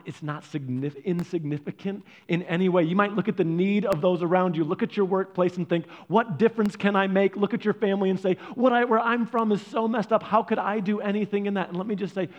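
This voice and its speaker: A man's voice: high voice, lo-fi sound. Earnest man preaching a sermon. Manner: earnest storytelling, swinging from loud stresses to soft, hushed lines. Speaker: pastor.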